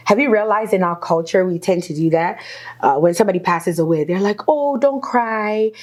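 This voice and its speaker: A woman's voice: lowish voice, fast. A middle-aged woman, a guest in an interview, telling her own story with candid energy, laughing often. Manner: animated, laughs often, acts out quoted voices.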